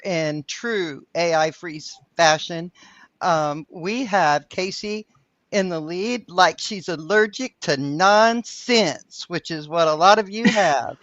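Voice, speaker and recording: This Southern-accented woman reads the scoreboard slowly and deliberately, adding halting asides. Her voice comes through dull and lo-fi, and it is dry with no room echo. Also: lowish voice, a bit bright. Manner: reads a script, with self-conscious asides. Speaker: co-host reading scores. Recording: dull lo-fi sound.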